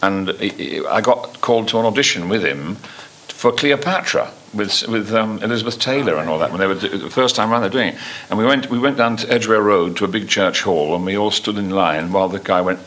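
An older man telling stories from his life to an audience, halting and full of restarts. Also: on the low side, fairly bright tone. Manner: halting, full of restarts and ums, acts out quoted voices. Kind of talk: anecdotal storytelling.

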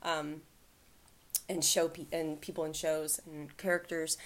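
A woman's voice: sits low, flat delivery, a little slow. A woman co-hosting a podcast, talking at length in a rambling way with many fillers and frequent laughs. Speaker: podcast co-host. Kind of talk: casual podcast chat.

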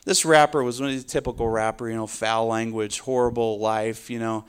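A man's voice: mid-range voice, fairly even intonation, a little fast, clean tone. Emphatic male preacher. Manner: emphatic preaching with rising appeals. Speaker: pastor. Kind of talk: sermon.

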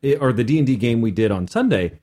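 Man, podcast host, game master, casual chat, animated delivery, lively pitch. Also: quick pace. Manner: animated, many restarts and acted quotes.

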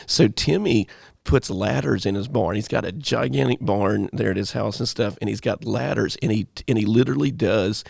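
A man's voice: on the low side, moderate pace, creaky, darkish tone, no echo, clean studio sound. A man co-hosting a casual church talk show, rambling with many fillers. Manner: rambling, full of "you know" fillers. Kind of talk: casual chat.

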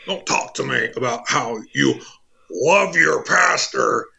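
A man's voice: medium pitch, sing-song, slow pace, gravelly, husky, voice pushed up, heavily acted. Man doing a bellowing conspiracy radio ranter. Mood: ranting. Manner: shouting bombastic rant with slight Texas twang. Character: ranting male conspiracy radio host impression.

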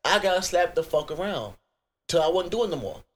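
A young American man with a Virginia accent, co-hosting a crude comedy podcast, telling stories in an animated, profane rant. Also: a little high, normal speed. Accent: US Southern, Virginia. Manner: profane, animated storytelling with outbursts. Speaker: podcast co-host.

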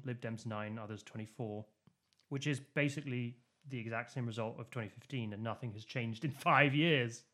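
A man co-hosting a chatty politics podcast, speaking at a middle pitch. He explains at length, circling back with fillers and false starts. The talk stays casual and unscripted. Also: a bit bright. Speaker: podcast co-host.

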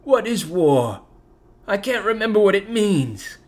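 A woman's voice: medium pitch, sing-song, a little mellow. A woman putting on an ancient whimpering grandpa. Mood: confused. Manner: slow, whimpering. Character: ancient, resentful, confused grandfather.

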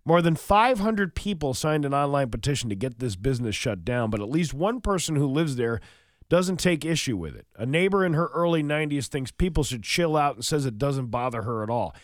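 A man's voice: medium pitch, fairly quick, no room sound, clean studio sound. A man co-hosting a morning radio show, reading odd news stories and cracking playful innuendo. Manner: playful, innuendo-laden, lively delivery. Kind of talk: reading news items and joking.

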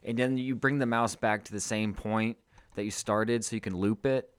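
A man's voice: on the low side, fairly even intonation, moderate pace, clear, resonant tone, no room sound. A man co-hosting a podcast, rambling and joking in loose, profane banter. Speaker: podcast co-host.

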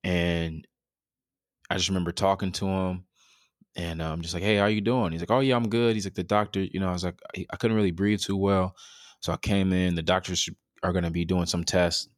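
Being interviewed, a thirtysomething man shares a personal story candidly, earnest and reflective, restarting and using fillers along the way. His low voice is flat in delivery and a little fast, with no echo and clean studio sound.

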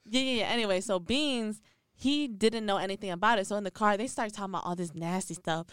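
A woman co-hosting a podcast, telling a story in animated, slangy casual chat with frequent laughs. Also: mid-range voice, quick pace, clear, resonant tone, no room sound, studio quality. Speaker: podcast co-host.

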